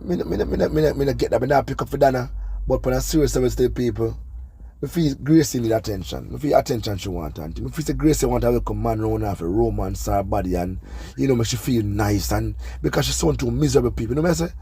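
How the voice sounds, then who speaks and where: A man's voice: medium pitch, fast, gravelly, dark tone, breathy edge. A Jamaican man hosting a gossip channel, talking casually and scolding, often asking "you see me". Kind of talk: casual commentary monologue.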